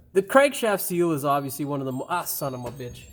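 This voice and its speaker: A man's voice: fairly high pitch, very animated, normal speed, fairly bright tone, a little hiss or hum. A middle-aged man hosting a car repair channel, recording voice-over takes and cursing and laughing at himself as he flubs his lines. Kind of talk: blooper reel of voice-over takes.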